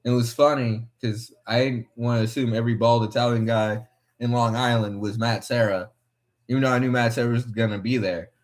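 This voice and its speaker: A man's voice: medium pitch, fairly even intonation, fairly quick. Rambling young man, swearing freely. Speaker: podcast host watching fights. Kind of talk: rambling casual commentary.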